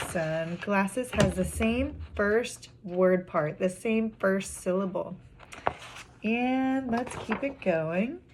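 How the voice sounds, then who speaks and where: A young woman teaching a phonics lesson to small children, drawing out each word syllable by syllable in a sing-song way. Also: fairly high pitch. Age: young adult. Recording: clear background noise.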